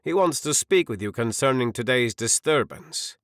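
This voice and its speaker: A man voicing a stern, authoritative Roman centurion in an audiobook, firm and commanding in a measured way. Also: mid-range voice, lively intonation, fairly bright tone, no echo, clean studio sound. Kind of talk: audiobook character voice.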